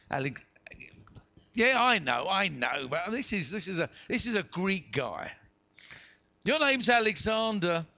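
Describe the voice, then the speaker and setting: A man's voice: high voice, sharp tone. A man from the United Kingdom preaching a sermon as pastor, reading scripture dramatically and voicing the people in the story. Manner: dramatic, acts out voices in the reading. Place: church hall.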